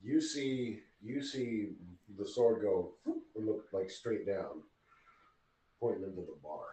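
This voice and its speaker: A man guides his tabletop players at a relaxed, unhurried pace, restarting phrases as he goes. He sits back from the mic, so his voice carries the sound of the room around him. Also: fairly low pitch. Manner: slow, halting narration with restarts. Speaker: game master. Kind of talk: narrating a tabletop game. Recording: roomy, distant mic.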